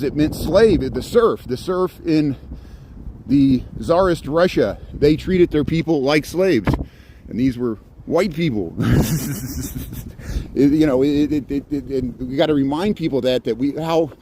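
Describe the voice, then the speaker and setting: A man's voice: on the high side, darkish tone, a little hiss or hum. Chatty man live-streaming a snowy outdoor walk. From Chicago area. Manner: chatty, laughs often, talks back to viewer comments. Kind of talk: casual live-stream chat. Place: outdoor zoo in snow.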